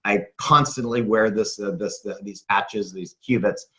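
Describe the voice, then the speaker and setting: A man presenting a sales pitch, repeating his claims with emphasis and asking himself rhetorical questions. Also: unhurried, pushed and bright.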